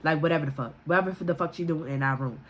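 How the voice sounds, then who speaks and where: A woman vlogger telling a story in casual storytime style, profane and animated, acting out what others said. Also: racing, highs cut off. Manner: animated, profane, quotes people with raised pitch.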